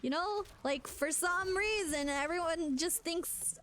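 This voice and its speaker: A young adult woman streaming as a VTuber, chatting casually in an animated way with lots of fillers. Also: very high voice, takes it slowly, slight background noise. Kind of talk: casual live-stream rant.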